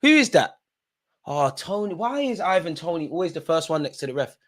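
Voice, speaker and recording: A young man gives live reaction commentary on a football match. His voice sits a bit high for a man. He drops to anxious mumbles, then bursts out in loud appeals at the referee. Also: brisk. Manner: animated, swings from muttering to shouting at the ref. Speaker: football watchalong streamer.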